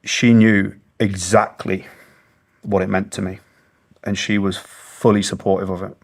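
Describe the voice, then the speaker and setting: A man's voice: deep voice, little pitch movement, a little slow, vocal fry. A British man in his thirties, a former soldier telling his story as an interview guest in an earnest, plain-spoken way, swearing freely. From Britain. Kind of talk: long-form interview storytelling.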